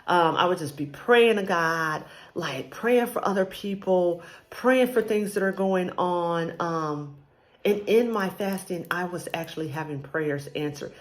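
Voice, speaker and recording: A woman's voice: lowish voice, measured pace. A married woman sharing a personal faith testimony in a casual, rambling way, with frequent ums. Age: adult, married with a child. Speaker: vlogger sharing a faith journey.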